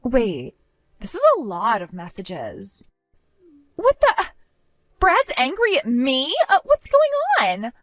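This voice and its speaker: Woman putting on a bratty mocking sister-in-law voice, high and swingy, soft music under it. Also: very animated, normal speed, no room sound, studio quality. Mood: confused. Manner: mocking, dismissive, laughing. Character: spiteful, smug young woman, the groom's sister.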